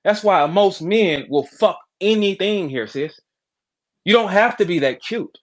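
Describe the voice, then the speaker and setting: A man hosting a podcast, ranting in a brash, profane, animated way, jumping between loud outbursts and low asides. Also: measured pace. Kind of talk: casual podcast rant.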